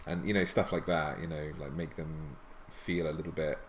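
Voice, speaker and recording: A man's voice: very deep voice, fairly even intonation, moderate pace, a little hiss or hum. A man hosting a live stream, chatting casually and thinking aloud as he draws. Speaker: stream host and illustrator. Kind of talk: casual live-stream chat while drawing.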